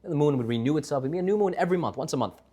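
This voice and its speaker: A man giving a Torah class, telling a story with lively voices for its characters. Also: a little high, rapid-fire, breathy edge.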